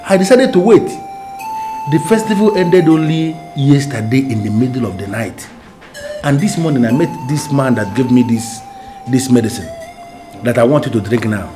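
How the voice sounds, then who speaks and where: A man's voice: mid-range voice, normal speed, music in the background, natural voice. An actor with a Nigerian accent playing a brother who insistently urges a sick man to take medicine. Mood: coaxing. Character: pushy younger brother and uncle.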